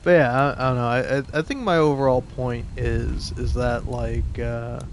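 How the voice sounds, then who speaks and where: A let's play host in his twenties, a young man from the southeastern United States with an East Coast American accent, rambles and curses through casual gameplay commentary full of restarts. His mid-range voice keeps fairly even intonation at a normal speed, with slight background noise.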